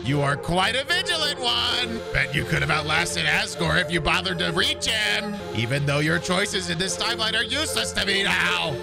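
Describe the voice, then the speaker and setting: A man's voice: high-pitched, gravelly, pitched above the performer's own voice. Creepy smug flower villain done by a guy, taunting n sneering, game baddie.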